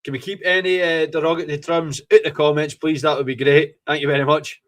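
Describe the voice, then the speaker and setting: An excitable Scottish man with a slightly raised voice gives a running live reaction to a football match. He gloats, curses freely and gets swept up in each moment of the game. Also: on the high side, a little fast. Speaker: fan podcast host.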